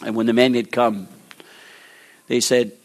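A male preacher delivering a sermon in a mid-range voice. He acts out the figures he quotes, rising to loud, high exhortation and then falling to slow, hushed pleading. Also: little pitch movement. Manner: acts out biblical dialogue.

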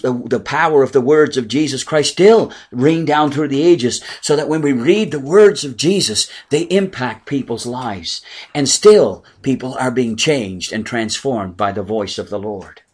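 A man preaching a sermon in earnest, rising for emphasis and dropping low and soft at times. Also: breathy edge. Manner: earnest preaching, swelling and dropping to near whispers. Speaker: pastor.

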